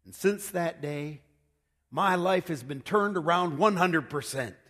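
A man's voice: on the high side, unhurried, a bit bright. A man playing a confident, boastful preacher telling his conversion story in a showy, dramatic way, with long hall reverb.

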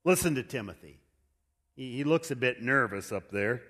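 A man's voice: mid-range voice, animated, moderate pace, a bit bright. A male pastor preaching a sermon in a storytelling manner, posing rhetorical questions, recorded in a church with long hall reverb.

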